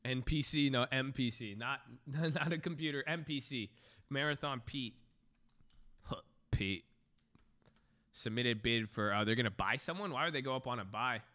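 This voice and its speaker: A man's voice: medium pitch, normal speed, pushed and bright. Joking man streaming live trades. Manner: loose, joking and profane, thinking aloud. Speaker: live stock-trading streamer.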